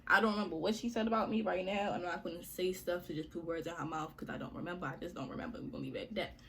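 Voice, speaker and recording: A woman's voice: lowish voice, fairly even intonation, rapid-fire, a bit bright, slight background noise. A young woman vlogger telling a story to her viewers in a chatty, slangy way, often calling them y'all.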